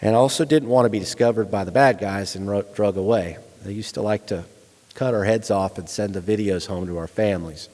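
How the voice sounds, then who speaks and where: A middle-aged man with a lowish voice tells his own war story to a lecture audience. He speaks frankly and conversationally, with blunt soldier humor. His words ring out with the long reverb of a big hall. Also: brisk, a little mellow. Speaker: guest lecturer, retired Army staff sergeant.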